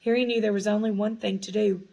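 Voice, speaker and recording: A woman reading a storybook aloud in a hushed, suspenseful manner, now and then correcting small slips. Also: mid-range voice, flat delivery, fast talker, vocal fry, rough recording. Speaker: audiobook reader. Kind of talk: storybook narration.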